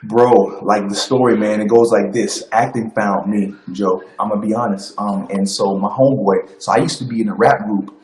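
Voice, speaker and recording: A man, an actor, telling stories as an interview guest in an animated, loose way. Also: lowish voice, moderate pace, hardly any pauses, reverberant, rough recording. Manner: animated, loose, many fillers and restarts. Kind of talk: casual storytelling.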